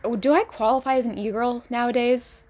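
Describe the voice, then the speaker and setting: A woman's voice: a little high, steady tone, brisk, darkish tone, a little hiss or hum. A young woman from California chats on her podcast in a slightly raised voice. She gushes freely, stringing thoughts together with plenty of "like". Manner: gushing, fillers of "like". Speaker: podcast co-host. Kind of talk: casual chat.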